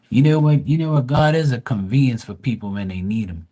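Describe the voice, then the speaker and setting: Hosting a live tarot stream, a man talks casually and bluntly, swearing plenty and greeting chat viewers by name. His mellow, mid-range voice moves with lively intonation at a fairly quick pace.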